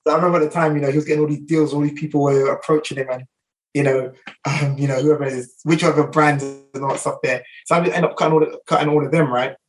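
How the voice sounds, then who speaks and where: A middle-aged London man talks in a rapid rush, piling on fillers and restarts. His voice sits slightly high. He sounds a little distant from the microphone. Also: level tone, a little hiss or hum. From England. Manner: rapid anecdotal, many fillers. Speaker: guest barber. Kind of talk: casual storytelling interview.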